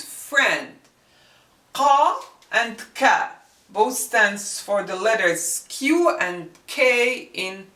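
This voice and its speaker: A woman teaching the sounds of a script in a language lesson, slowly repeating each sound to demonstrate it. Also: medium pitch, pushed and bright. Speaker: Arabic teacher. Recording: echoey room, mic at a distance.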